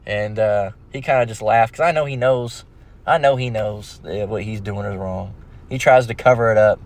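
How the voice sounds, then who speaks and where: A man's voice: fairly low pitch, normal speed. A man giving a casual, rambling religious lesson, with many restarts and street slang. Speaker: religious teacher.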